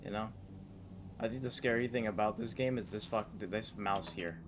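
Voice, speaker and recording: A young man doing casual gameplay commentary on a horror game, excitable and swearing a lot as he talks to himself. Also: lowish voice, moderate pace. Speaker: gaming YouTuber. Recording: noisy game audio.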